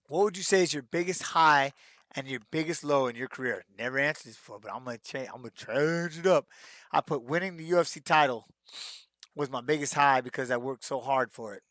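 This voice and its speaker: Animated middle-aged man, dry close sound. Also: fairly high pitch, moderate pace, no room sound. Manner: animated storyteller who acts out shouted quotes, peppered with "man". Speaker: retired fighter answering fan questions. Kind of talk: casual live-stream Q&A.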